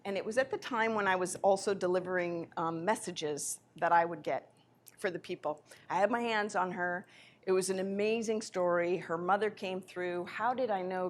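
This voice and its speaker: Animated woman telling spiritual anecdotes. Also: fairly low pitch, slight background noise. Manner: animated anecdotes with self-corrections. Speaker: spiritual teacher giving a lecture. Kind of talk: live lecture storytelling.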